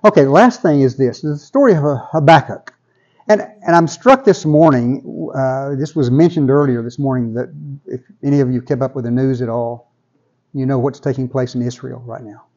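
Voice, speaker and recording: A man's voice: medium pitch, normal speed, a little mellow, highs cut off. A man preaching a sermon in a conversational way, often repeating words as he builds toward a point. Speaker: pastor.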